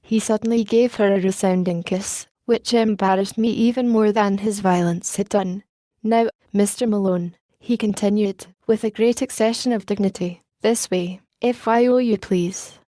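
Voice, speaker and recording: A woman reading a novel aloud as an audiobook narrator, in an even, unhurried manner with little change of voice for the characters. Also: mid-range voice, no echo. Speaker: audiobook reader. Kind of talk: scripted narration.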